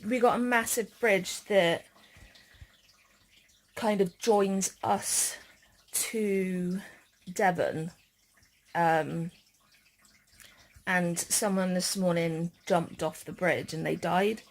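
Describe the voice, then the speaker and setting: A young woman vlogging in a casual chat, speaking hesitantly with many pauses and fillers. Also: lowish voice, fairly even intonation, rough recording. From England.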